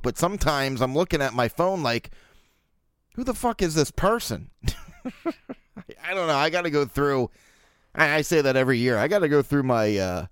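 Recorded with clean studio sound and no echo, this solo podcast host from Baltimore, USA, is in his thirties and rambles casually, joking crudely with plenty of fillers. His mid-range voice sounds a bit bright and clean.

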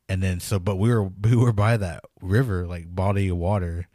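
A man's voice: sits low, a little fast, dry recording, studio quality. A man co-hosting a podcast, recounting an eerie memory with nervous laughs and quoted dialogue. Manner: animated storyteller, laughs nervously, acts out quotes. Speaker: podcast co-host. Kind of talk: casual storytelling chat.

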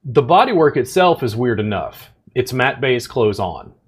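A man's voice: medium pitch, very animated, normal speed, slightly rough. A man in his forties hosting a podcast, talking bluntly and matter-of-factly, acting out the people he quotes. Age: 40s. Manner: blunt, matter-of-fact, acts out quoted voices. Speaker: podcast host and massage instructor. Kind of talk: casual podcast chat.

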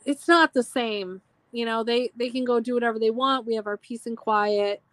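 A woman's voice: a little high, moderate pace. A woman from Minnesota chatting wryly as a podcast guest, laughing easily. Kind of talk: casual podcast chat.

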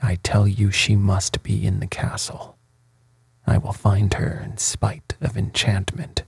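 A man voicing a wrathful tyrant prince in a storybook reading, in a hushed, breathy, slow and even delivery. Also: on the low side, no echo, full character voice. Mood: angry.

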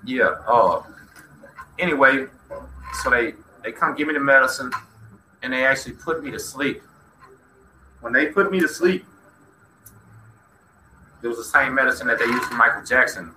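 Bright-voiced Texas man telling stories. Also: mid-range voice, normal speed, pauses often. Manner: animated, acts out quoted dialogue, talks to chat. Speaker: host. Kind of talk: casual storytelling livestream. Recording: echoey room with faint noise.

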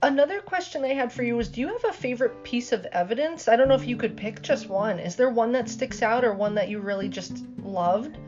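A woman's voice: on the high side, expressive, brisk, hardly any pauses, muffled recording, over music. A woman hosting a podcast interview, friendly and reacting often with short exclamations. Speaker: podcast host. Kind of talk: casual interview.

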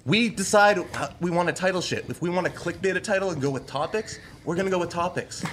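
A man's voice: sits high, fast, fairly bright tone. A man on a podcast, firmly and defensively arguing a business decision. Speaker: podcast co-host. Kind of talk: heated argument.

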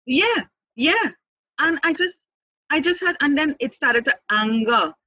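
A woman's voice: high voice, animated, measured pace, pushed and bright, no echo, highs cut off. A woman speaking candidly as an interview guest about her own life, earnest, restarting and repeating words, with light laughs. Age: adult mother. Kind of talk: candid personal testimony.

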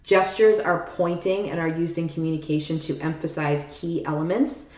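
A woman's voice: low voice, normal speed, a little mellow, reverberant. A woman co-hosting a podcast, explaining things in casual chat, often saying "like" and checking that her listener follows. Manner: chatty, leans on "like" and frequent check-ins. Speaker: podcast co-host explaining a topic. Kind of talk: casual explanatory chat, reading passages aloud.

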